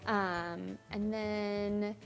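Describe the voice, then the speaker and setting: A woman's voice: mid-range voice, steady tone, gravelly, soft background music. A young woman vlogging to camera, telling a rambling travel story in a chatty, laughing way. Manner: chatty, rambling, laughs often, quotes people in quick asides.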